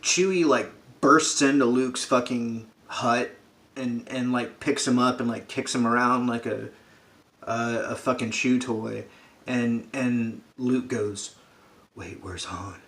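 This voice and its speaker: A man's voice: medium pitch, fairly even intonation, takes it slowly, fairly bright tone. A man giving a sarcastic, profane comedic rant about a film, acting out characters' lines as he goes. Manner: sarcastic, swears a lot, acts out characters' lines.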